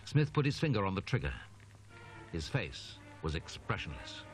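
A man narrating a horror audiobook in a grave, measured way. His very deep voice moves expressively, with clear music underneath. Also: big pitch swings. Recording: narration over background music.

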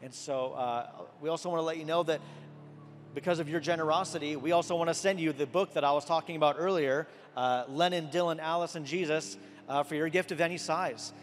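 Relaxed host making an onstage appeal, echoing. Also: male voice, fairly high pitch, brisk, slight background noise. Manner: relaxed and conversational, many fillers. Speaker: event host and pastor. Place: large arena. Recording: long arena reverb, faint crowd ambience.

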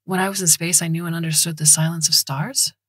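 A woman's voice: on the low side, fairly even intonation, fast, slightly rough, no echo, clean studio sound. Dowd, a woman doing a polite, cautious young man. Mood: curious. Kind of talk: audiobook reading.

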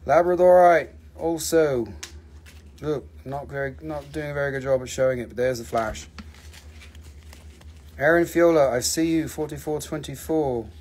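A man's voice: a little high, normal speed, darkish tone, slight background noise. A man selling rocks on a live stream, teasing viewers by name, swearing casually and joking between prices. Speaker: live-stream crystal seller.

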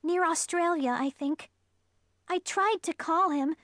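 A woman's voice: very high-pitched, takes it slowly, fairly bright tone, no echo, clean studio sound, voice pushed up, heavily acted. A woman voicing a frightened teenage girl who pleads urgently and breathlessly. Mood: scared.

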